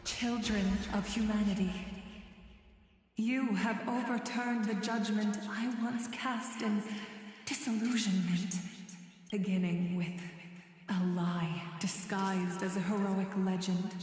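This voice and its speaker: An actress voicing a solemn female deity in a video game, speaking slowly in declamatory tones. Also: medium pitch, fairly even intonation, a little mellow, slight background noise. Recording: heavy echoing reverb.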